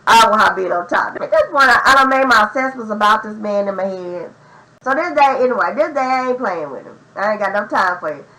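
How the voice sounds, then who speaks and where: A young adult woman telling a profane, slang-heavy story in an animated, casual storytime vlog. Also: mid-range voice, a little fast, low-quality recording. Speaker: vlogger.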